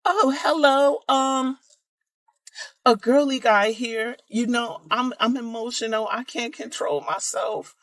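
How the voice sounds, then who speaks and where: A man voicing a simpering, overemotional man as a mocking take on himself, in a high, whiny voice. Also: steady tone, takes it slowly, fairly bright tone, full character voice.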